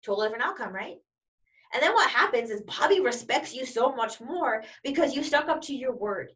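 Brief: woman motivational coach, fairly high voice, emphatic and repetitive, mic set a little back. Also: animated, brisk, fairly bright tone, distant mic. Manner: emphatic and repetitive, piling up examples. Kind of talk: motivational talk.

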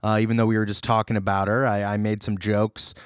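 A man co-hosting a podcast in casual chat, jokey and animated, laughing often. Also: lowish voice, quick pace, clean tone, no room sound, studio quality. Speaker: podcast co-host.

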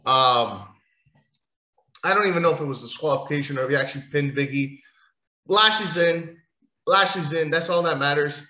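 A man's voice: on the high side, moderate pace, long pauses, pushed and bright. A man giving a rambling, sarcastic, profane recap of a wrestling show. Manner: sarcastic, rambling, swears often. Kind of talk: casual profane rant recap. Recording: echoey room.

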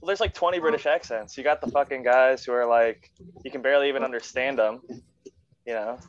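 A man's voice: medium pitch, brisk, no room sound. An easygoing man chats casually as a guest, dropping swear words freely. His audio comes through dull and lo-fi. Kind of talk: casual chat.

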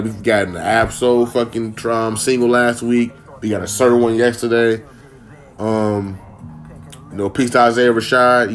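A man from Minnesota hosting a casual solo podcast from home, loose, profane, rambling and joking. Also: medium pitch. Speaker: podcast host.

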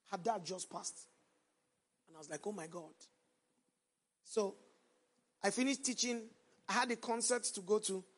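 A pastor preaching a sermon to a congregation, prompting them to finish his lines and swinging between loud emphasis and quiet storytelling. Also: high-pitched. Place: church before a congregation, also streamed online.

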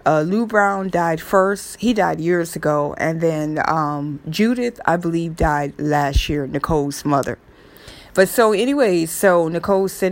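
A woman's voice: on the low side, expressive, measured pace. Chatty woman rambling through a story. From New York area. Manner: rambling, chatty, many fillers and restarts. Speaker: true crime vlogger. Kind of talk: casual storytelling monologue.

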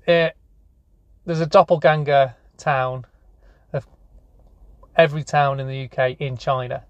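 A man's voice: mid-range voice, fairly even intonation, unhurried, no room sound, dull audio, lightly acted. A man playing a chummy male phone seller who keeps calling the caller mate. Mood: breezy. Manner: chummy, breezy, calls everyone mate.

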